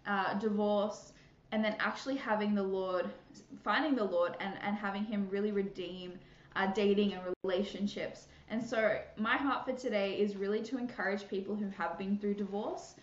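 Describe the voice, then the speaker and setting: A woman's voice: medium pitch, fairly even intonation, normal speed. A woman hosting a casual Christian podcast, bubbly and chatty, laughing often and filling gaps with fillers and restarts. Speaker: podcast host. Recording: echoey room, muffled sound.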